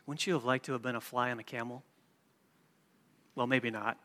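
A man preaching a sermon, moving from hushed storytelling to loud, emphatic preaching. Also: medium pitch, fairly even intonation, moderate pace, big-room sound. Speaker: pastor.

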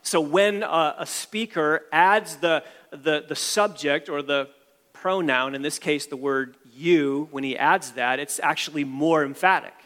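A man's voice: a little high, a little slow, a bit bright, long reverb tail. A male pastor delivering an emphatic sermon, repeating phrases and restarting as he builds each point.

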